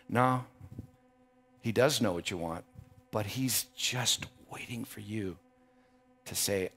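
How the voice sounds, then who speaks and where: A man's voice: medium pitch, big pitch swings, measured pace, pauses often, fairly bright tone. A man preaching a sermon as a pastor, emphatic and building to impassioned passages, often repeating words as he builds a point. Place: church.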